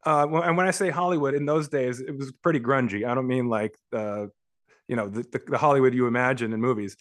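A man in his forties from Los Angeles, a book author, telling childhood stories as a guest in an interview, animated and often laughing, with frequent restarts. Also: medium pitch, quick pace. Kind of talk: conversational storytelling.

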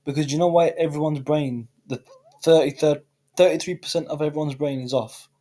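A young man co-hosting a podcast, dry and teasing, enjoying playing the know-it-all. His voice has a husky, slightly breathy edge. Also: on the high side, fairly even intonation, a little fast, warm tone. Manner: dry, teasing, mock-clever. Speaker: podcast co-host. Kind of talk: casual banter.

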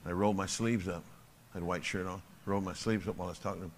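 A man's voice: sits low, fairly even intonation, rapid-fire, long reverb tail, a little hiss or hum. A man preaching at a church service, telling blunt, emphatic stories with a chuckle. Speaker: pastor. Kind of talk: sermon storytelling.

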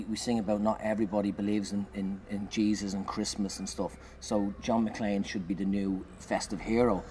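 A man, a comedian, telling an animated anecdote in conversation, swearing and shouting out the lines he acts. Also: lowish voice. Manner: animated, swearing, loud acted-out bursts. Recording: noisy background.

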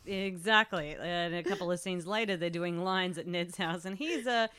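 Chatty woman with a smooth, dry voice. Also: on the low side, normal speed, fairly bright tone, no echo. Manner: chatty, jokey, recaps plots with put-on voices. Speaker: podcast co-host. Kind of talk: casual chat.

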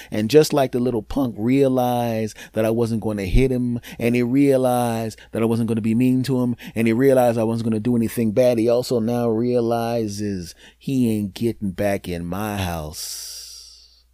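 A man hosting a podcast, telling a comic story in an animated way that swings from loud to hushed, with deadpan punchlines. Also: medium pitch, dry recording, clean studio sound. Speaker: podcast host.

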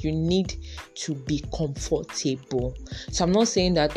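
A woman's voice: deep voice, normal speed, dark tone, soft background music. A woman with a Nigerian accent hosting a casual podcast monologue, chatty and musing aloud, dropping in Yoruba and pidgin words. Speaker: podcast host.

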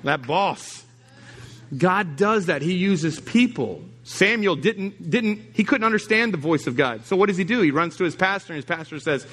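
A man's voice: sits high, animated, normal speed, fairly bright tone. Emphatic male pastor preaching. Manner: emphatic, repeats key lines, acts out quoted people. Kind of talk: sermon. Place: church service.

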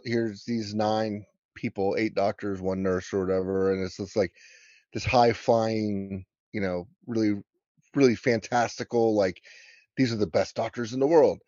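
A man's voice: fairly low pitch, warm tone, no room sound, dull audio. An American man co-hosting a casual film podcast, rambling through his thoughts with many fillers and restarts. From United States. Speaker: podcast co-host.

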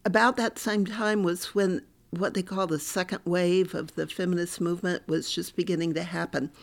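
A woman's voice: on the low side, steady tone, normal speed, vocal fry. An older woman, a professor, telling her own story candidly and with animation as a podcast interview guest.

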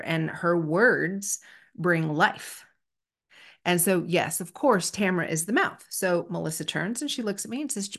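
Woman, middle-aged, podcast host, casual storytelling, self-deprecating, earnest. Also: fairly low pitch.

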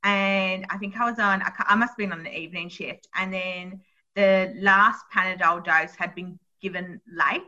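Bright sharp-voiced woman, midwife chatting about work, animated storyteller, kinda dull lo-fi audio. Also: mid-range voice, normal speed. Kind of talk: casual chat.

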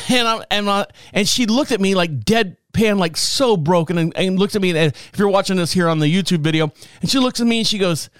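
A man's voice: sits high, fairly quick, a bit bright, clear, resonant tone, no echo, clean studio sound. A man hosting a podcast, telling a comic story in a rambling, wry way with chuckling asides. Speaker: podcast host. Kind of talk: casual comic storytelling monologue.

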